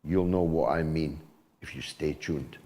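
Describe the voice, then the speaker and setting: A man's voice: rumbling low, unhurried, long reverb tail, very noisy. An older man from Scotland hosting a talk show, delivering monologue and links with emphatic, oratorical force. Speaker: show host.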